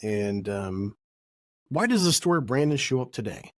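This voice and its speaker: A man's voice: mid-range voice, big pitch swings, moderate pace, no room sound. Middle-aged male host, casual storyteller, rambling and jokey, dry close sound. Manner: rambling, self-correcting, jokey. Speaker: podcast host.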